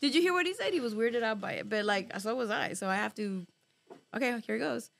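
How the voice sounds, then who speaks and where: Fairly high-pitched and creaky, a woman talks fairly quickly as she recounts a long personal story to a relaxed group. She's animated, swears freely, leans on fillers, and mixes in Spanish slang.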